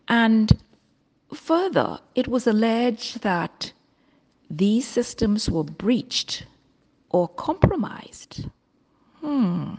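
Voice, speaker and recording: Concerned woman doctor, gravelly. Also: medium pitch, a little mellow, slight background noise, poor audio. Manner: measured, concerned, with many fillers. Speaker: doctor speaking to the public. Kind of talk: spoken public statement.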